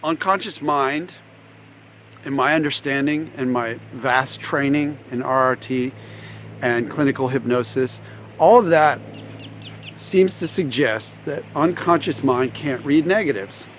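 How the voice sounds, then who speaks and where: A man speaking as a recovery coach, guiding breathing and explaining ideas in a calm, unhurried way with playful laughs. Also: mid-range voice, a little hiss or hum. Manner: slow, calm, guiding with frequent pauses; laughs easily, playful demonstrations. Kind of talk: coaching talk to camera.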